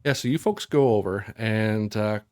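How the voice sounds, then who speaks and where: Low-voiced man running a tabletop game. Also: normal speed, a little mellow, smooth, no room sound, studio quality. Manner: loose and rambling, with many ums and restarts. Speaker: game master.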